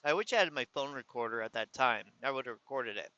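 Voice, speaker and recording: A man vents through a rambling personal story, his speech carrying a slight lisp and softly slurred words as he corrects himself along the way. His voice sounds bright and forceful. The recording is dry and a little dull, like lo-fi audio. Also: mid-range voice, animated, quick pace, dry recording. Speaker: vlogger. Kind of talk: casual venting story.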